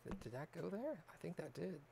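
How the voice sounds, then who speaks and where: A man chatting in a laid-back way with a friend while doing a jigsaw puzzle, quick to laugh. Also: a little high, sing-song, gravelly, mellow, a little hiss or hum. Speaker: co-host.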